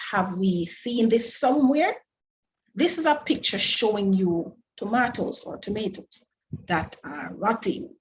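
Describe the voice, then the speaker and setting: Over a low-quality webinar microphone with a little hiss or hum, a woman with a fairly high voice presents a food safety lecture online. She asks her listeners many rhetorical questions and explains in a careful, deliberate way, frequently restarting phrases.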